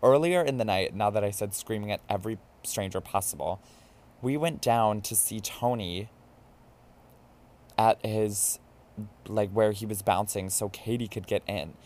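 A man hosting a podcast, telling a drunken night-out story in a campy, animated, casual way. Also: lowish voice, unhurried. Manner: campy and animated, mimics voices in quotes. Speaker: podcast host. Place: New York.

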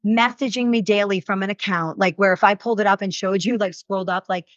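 A woman in her thirties, a reality show cast member, answering interview questions in casual, animated speech full of "like" fillers. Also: medium pitch, fast talker, no echo. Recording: dull lo-fi sound.

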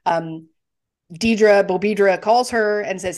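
A woman's voice: mid-range voice, slow pace, darkish tone. A woman co-hosting a podcast, chatting casually as she retells scenes from a film, with fillers. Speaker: podcast co-host. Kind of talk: casual movie discussion.

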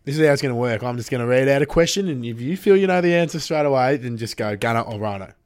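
A man's voice: mid-range voice, animated, quick pace, a little mellow. A man hosting a casual podcast chat, jokey and upbeat, with plenty of fillers. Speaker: podcast host.

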